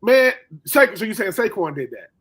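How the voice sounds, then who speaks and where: A man hosting a casual sports chat, telling animated stories and acting out quotes in slangy talk. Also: high voice, moderate pace, over a noisy crowd. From Philadelphia. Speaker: podcast host.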